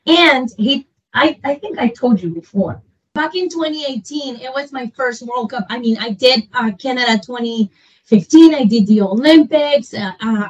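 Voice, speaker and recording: Woman broadcaster, high voice, animated guest storyteller, slightly off-mic. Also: recorded from a distance, rough recording. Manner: animated, quotes others in lively voices, laughs often. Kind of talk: emotional storytelling in interview.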